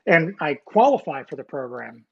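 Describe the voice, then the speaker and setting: This American man in his forties, once a Navy nuclear technician, speaks at normal speed with a voice on the high side, big pitch swings, and vocal fry. In a casual interview he tells his story, rambling with many fillers and restarts and joking self-deprecatingly about being a nerd. The audio comes from a video call and sounds muffled.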